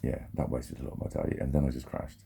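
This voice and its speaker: Very deep gravelly man, rambling. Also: flat delivery, fast talker, mellow. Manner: rambling, sweary, self-interrupting. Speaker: vlogger. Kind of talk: casual vlog monologue.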